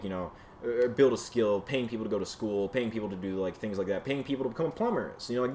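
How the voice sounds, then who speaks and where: A man hosting his own show, delivering a heated, profane rant to a camera, swinging from shouting to low muttering. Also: a little hiss or hum. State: sweaty from exertion. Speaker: podcast host. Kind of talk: solo ranting commentary to camera. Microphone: camera mic.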